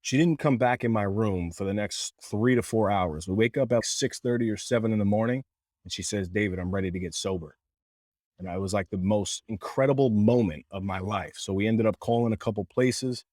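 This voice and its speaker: A man's voice: fairly low pitch, fairly quick, darkish tone, dry recording, studio quality. A man telling an emotional personal story as a podcast guest, earnest, with many fillers and restarts. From Canada. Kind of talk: candid storytelling.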